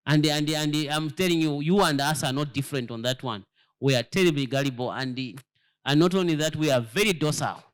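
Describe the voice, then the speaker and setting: A man's voice: fairly high pitch, brisk, smooth. A man, a church elder giving a sermon-style lesson, emphatic and full of rhetorical questions, often repeating words as he searches for them. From Zambia.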